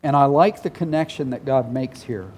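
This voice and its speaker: A man's voice: mid-range voice, normal speed, darkish tone. A man preaching a sermon as a pastor, earnest and emotional, at times tearful, repeating phrases for emphasis. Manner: emphatic repetition, voices God and people in quotes.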